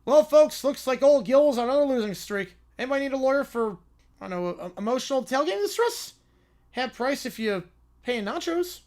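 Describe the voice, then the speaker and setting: A man's voice: extremely high pitch, lively intonation, fairly quick, darkish tone. A man doing a hapless down-and-out old huckster. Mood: desperate. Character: down-on-his-luck older male salesman-lawyer, desperate.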